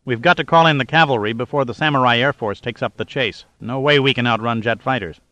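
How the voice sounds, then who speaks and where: A man's voice: mid-range voice, quick pace, bright, forceful tone, no echo, natural voice. A man reading a wry male adventurer hero with dry wisecracks.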